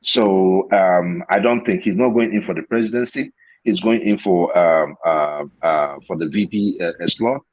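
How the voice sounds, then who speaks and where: A low, husky-voiced man with a Nigerian accent argues his case on a call-in show, doubling back over his words for emphasis. His voice comes through a dull, muffled line. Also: a little slow. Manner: repeats himself, emphatic restarts. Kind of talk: heated call-in debate.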